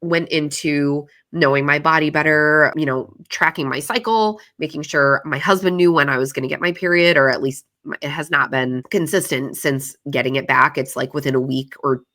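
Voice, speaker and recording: A woman's voice: low voice, moderate pace, hardly any pauses, pushed and bright. A woman hosting a podcast, telling her story in a casual, confessional way, swearing freely and using lots of "like" fillers. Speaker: podcast host. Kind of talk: candid solo podcast monologue.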